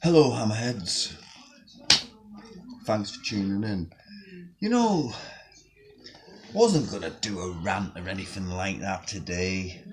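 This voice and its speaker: A man's voice: low voice, expressive, slow, pauses often, a crowd in the background. A man delivering a profane, sarcastic rant on his own video channel. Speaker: vlogger. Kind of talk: angry ranting vlog.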